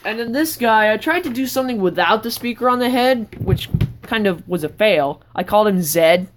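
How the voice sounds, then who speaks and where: A woman vlogger giving a casual, rambling tour of her sketchbook, breaking into sudden excited outbursts. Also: mid-range voice, normal speed, noisy background.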